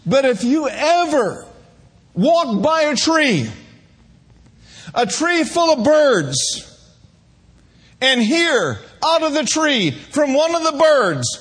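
A man's voice: very high-pitched, very animated, takes it slowly, pauses often, fairly bright tone. A man preaching a sermon, emphatic and humorous, calling out to his congregation.

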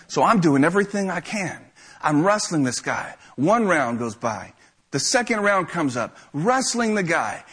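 A young man telling a lively, self-mocking story to a live audience. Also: fairly high pitch, breathy edge.

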